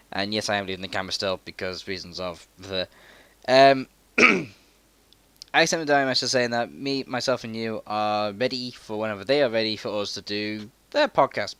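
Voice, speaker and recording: A man's voice: fairly low pitch, pushed and bright, smooth, no room sound. A young man co-hosting a casual gaming podcast, laid-back and swearing freely as he chats. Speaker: podcast co-host. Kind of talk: casual chat.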